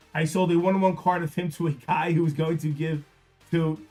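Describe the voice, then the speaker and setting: A middle-aged man hosting a live stream, talking casually and bluntly, swearing freely, telling stories and chatting with viewers by name. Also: a little high. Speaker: live card-break stream host.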